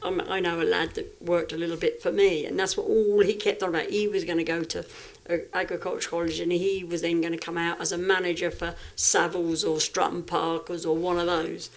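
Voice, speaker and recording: A woman's voice: lowish voice, level tone, a little fast, vocal fry, hardly any pauses. A woman speaking as a podcast guest, frank and reflective, often restarting her sentences in casual talk. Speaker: guest, livestock exhibitor.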